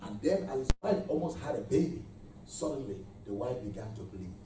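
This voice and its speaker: In an echoey church hall, with the mic set far back and noise in the background, a male pastor delivers a sermon to the congregation. He speaks in a mid-range, expressive voice at a brisk clip, leading call-and-response and shouting praise between points.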